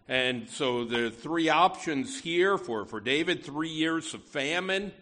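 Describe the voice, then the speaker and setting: A man's voice: fairly high pitch, lively intonation, takes it slowly, pushed and bright. A man preaching a conversational sermon in a folksy way, full of asides and stressing key words. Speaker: pastor.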